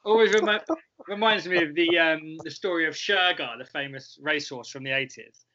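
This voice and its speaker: A man's voice: on the high side, brisk, bright, forceful tone. A man, co-hosting a casual football podcast, rambling and wry. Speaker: podcast co-host. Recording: dull lo-fi recording.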